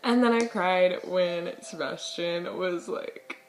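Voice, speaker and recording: Young woman, hoarse from illness, rambling book chat, slow unhurried delivery, faint music behind. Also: lowish voice. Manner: chatty, rambling, dramatic outbursts, giggly. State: hoarse, losing her voice from illness. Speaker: book vlogger. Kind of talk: casual chat. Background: soft music.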